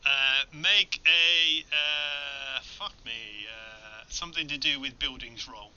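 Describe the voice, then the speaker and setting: A man's voice: a little high, slow, pushed and bright, a little hiss or hum. A man running a tabletop horror game, talking loosely, swearing and laughing. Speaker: game master. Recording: dull lo-fi recording.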